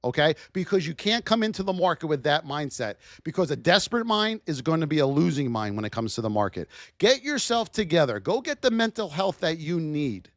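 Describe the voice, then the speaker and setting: A man teaching trading on a livestream in a fired-up, preachy way, often yelling for emphasis. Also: a little high, sing-song, brisk, few pauses, dry recording, studio quality.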